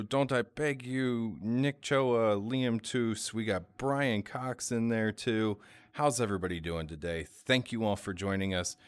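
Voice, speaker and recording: A man's voice: fairly low pitch, clean tone, no room sound. A man hosting a casual livestream chat, jokey and rambling, with many restarts. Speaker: host.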